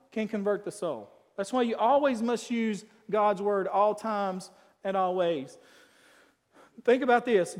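A man preaching a sermon as pastor, emphatic, swinging between loud declarations and quiet asides. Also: sits high, long reverb tail.

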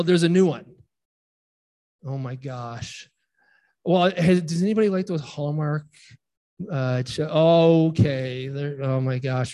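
A man in his forties, a pastor giving a relaxed, chatty sermon and joking with his congregation. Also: fairly high pitch. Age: 40s. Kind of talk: informal sermon with congregation banter.

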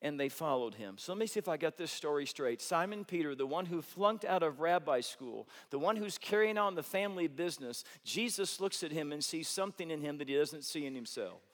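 Man preaching in a reverberant hall, higher voice, humorous animated storyteller, middle-aged pastor. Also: brisk, few pauses. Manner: animated storytelling with humor, swings from loud to hushed. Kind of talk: sermon.

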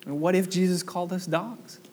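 Young male pastor preaching, lively and engaging, pitched a bit high. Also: a little fast, slight background noise. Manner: animated, asks the congregation questions. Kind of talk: sermon.

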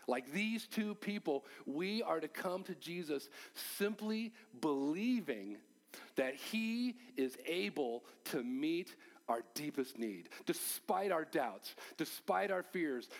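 Older male preacher, animated and dynamic. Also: on the high side, gravelly. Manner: animated, acts out quotes with sudden drops to near whisper. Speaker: pastor. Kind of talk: sermon.

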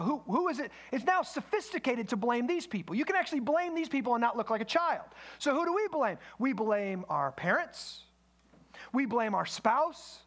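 High-voiced preaching man. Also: a bit bright. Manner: conversational preaching with asides and acted quotes. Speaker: pastor. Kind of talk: sermon.

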